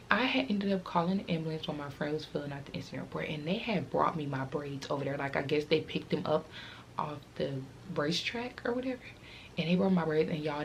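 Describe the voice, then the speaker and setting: A woman's voice: deep voice, a little hiss or hum. A teenage girl vlogger telling a casual, rambling storytime, fighting back tears as she talks.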